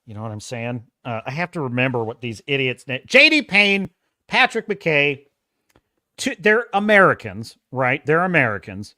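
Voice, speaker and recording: A man's voice: medium pitch, moderate pace, dry recording, clean studio sound. A man hosting a podcast, ranting mockingly with frequent laughs. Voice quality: mocking, animated, laughs often. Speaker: podcast host. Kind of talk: ranting commentary.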